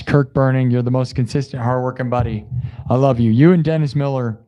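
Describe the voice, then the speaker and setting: His throat raw after hours of yelling, a hoarse young man rambles casually on a live stream, pouring out thanks to viewers. Loud hype alternates with quiet asides. The voice is medium-pitched with fairly even intonation and a fairly quick pace.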